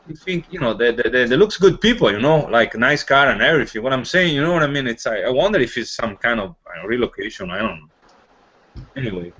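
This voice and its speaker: A man with an Italian accent chatting loosely on a podcast. He rambles and trails off, voice at a middling pitch. The audio is dull and low-fi. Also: lively intonation, fairly quick, a bit bright, husky. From Europe. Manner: rambling, repeats "you know what I mean". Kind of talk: casual chat.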